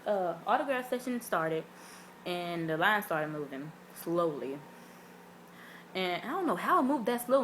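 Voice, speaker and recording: In a casual storytelling vlog, a young woman talks straight to her camera, loose and animated as if chatting with a friend, filling her story with lots of "like" and "um." Her medium-pitched voice swings up dramatically as she acts out everyone's quotes, over slight background noise.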